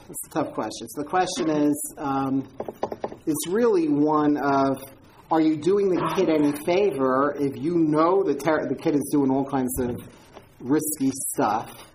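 Woman speaker, informal lecture, storytelling, repeats words, deep voice, faint hiss. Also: mellow, rough recording. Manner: conversational storyteller, repeats words, frequent ums. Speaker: speaker answering audience questions on mentoring youth.

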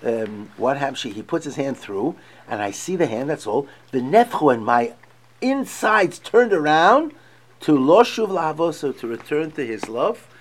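A man's voice: a little high, big pitch swings, moderate pace. A man teaching a text study class, reading passages aloud and explaining them with emphatic feeling.

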